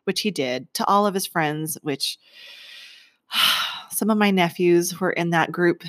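A woman's voice: fairly low pitch, a little slow, fairly bright tone. A woman in her forties telling a story to camera in a chatty way, laughing often and acting out the voices in it. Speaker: vlogger.

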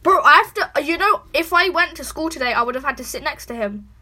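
A teenage girl, hosting a casual chat and animatedly retelling a text conversation. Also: high voice. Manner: fast, animated storytelling. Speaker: podcast host. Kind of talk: casual chat, reading out texts.

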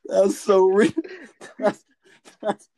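Male podcast co-host, jokey and profane, lighter pitch, dry close sound. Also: completely flat delivery, drawn-out words, warm tone, dry recording. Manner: profane, joking, laughs a lot. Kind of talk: casual podcast chat.

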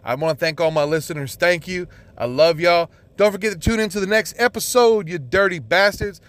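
A man hosts his own podcast alone and talks loosely, piling up curse words and filler as he restarts his sentences. His voice sits a touch higher than most men's. It comes across as an unscripted, off-the-cuff monologue. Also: a little fast, a bit bright. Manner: rambling and profane, with many restarts and filler words. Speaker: podcast host. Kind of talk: casual solo podcast monologue.

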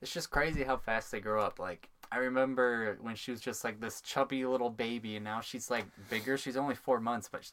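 A man's voice: medium pitch, a little fast, few pauses, fairly bright tone. A young man co-hosting a casual podcast, crude and joking, laughing often. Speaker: podcast co-host.

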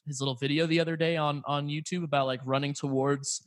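Swearing Belgian podcast co-host, dry sound. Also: male voice, a little high, flat delivery, fast, no echo. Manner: storytelling, quoting others, frequent swearing. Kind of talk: casual chat.

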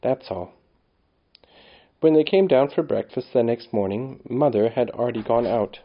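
A man narrating a storybook in a steady, measured reading. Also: medium pitch. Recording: slightly dull lo-fi recording.

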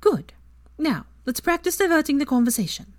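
Woman putting on a bossy young witch, high and lively, brisk and commanding, dry close sound. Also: no room sound. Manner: brisk, commanding, mock-sweet when acting posh. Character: sharp-tongued young witch, bossy and teasing.

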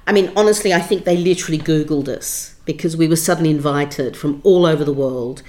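A middle-aged woman tells a long story as an interview guest. Her voice sits a little low for a woman, and she speaks expressively, leaning on key words and often restarting her sentences. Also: a little fast, darkish tone. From Australia. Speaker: theatre director and writer, interview guest.

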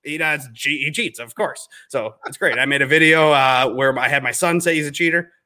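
A man's voice: a little high, fairly quick. A man in his thirties from Minnesota with a Minnesota accent, chatting casually on a podcast and telling stories with exaggerated outbursts. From Minnesota, US Midwest. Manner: animated storyteller, jumps into exaggerated outbursts. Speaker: podcast guest, realtor.

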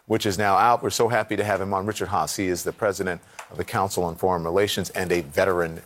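A man's voice: sits low, fairly even intonation, fast, fairly bright tone. A man anchoring a morning news show, reading headlines and asking probing questions conversationally. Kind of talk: live TV news interview.

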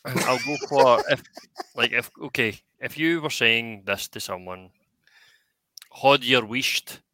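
A man's voice: mid-range voice, lively intonation, measured pace, sharp tone, no echo. A man with a Scottish accent co-hosting a podcast, wry and easygoing, swearing casually. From Scotland. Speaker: co-host.

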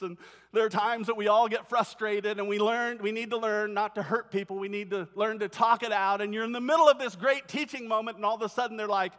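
A male pastor delivers a sermon in a church, talking to the congregation in a conversational, storytelling way. His voice sits high for a man, and he slips into little acted-out voices as he goes. The sound rings with the long reverb of a big hall. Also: a little fast, a bit bright. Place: church sanctuary.

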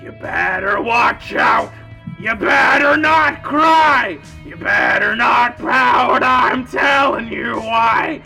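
Menacing monster: a man voicing a hideous scarred elf, shouted slow chant. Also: very high-pitched, very animated, vocal fry, music in the background, voice pushed up, full character voice. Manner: shouted sing-song chant.

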